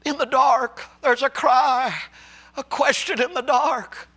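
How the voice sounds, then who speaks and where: Male preacher, high and sharp-toned, impassioned, rising into shouts. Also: steady tone, slightly rough. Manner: swings from low and slow to high shouted cries; addresses listeners as brother and sister, my friend. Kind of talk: impassioned sermon.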